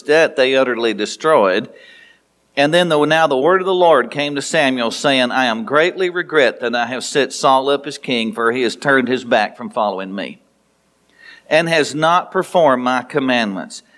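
A man's voice: expressive, measured pace, fairly bright tone. A man preaching a sermon, retelling a story with playful asides and acting out the dialogue. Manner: storytelling, playful, acts out dialogue with rising pitch. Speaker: pastor.

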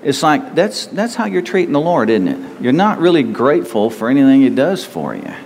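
A man's voice: medium pitch, very animated, moderate pace, a little mellow. Man, pastor, chatty sermon, imitates self-centered talk, echoing hall, faint background noise. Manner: conversational, acts out self-centered voices.

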